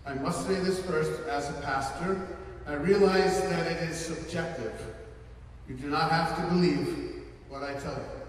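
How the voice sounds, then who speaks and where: A man's voice: on the high side, steady tone, far from the mic. Man preaching in an echoey hall. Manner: earnest storytelling, slows for emphasis. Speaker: pastor. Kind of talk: sermon with personal testimony. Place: large hall before a live audience.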